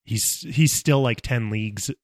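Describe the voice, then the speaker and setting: A man's voice: mid-range voice, unhurried, no echo, clean studio sound. A man co-hosting a podcast in casual chat, frank and enthusiastic, with the odd casual swear. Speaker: podcast co-host.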